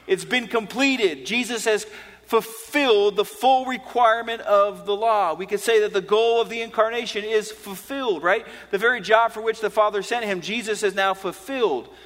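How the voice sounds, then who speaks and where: A man preaching a sermon earnestly, dropping to hushed low phrases and rising to emphatic declarations. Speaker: pastor. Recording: long hall reverb.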